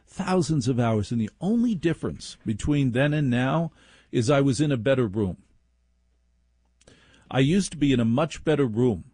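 A male talk radio host rambles in a sardonic monologue and keeps mocking his listeners. His voice is a little husky, and the sound is dry and close, recorded at home. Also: medium pitch, darkish tone, dry recording. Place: home laundry room studio.

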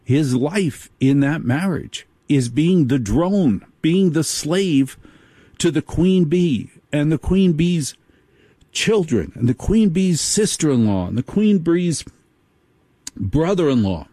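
A man's voice: fairly high pitch, mellow, dry recording. A man delivering a sardonic comic monologue. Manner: sardonic, storytelling.

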